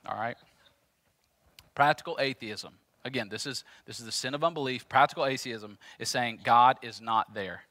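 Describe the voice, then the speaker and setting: A man's voice: mid-range voice, normal speed, bright, forceful tone, dry recording. A man pastor preaching a sermon in an emphatic, repetitive, conversational way.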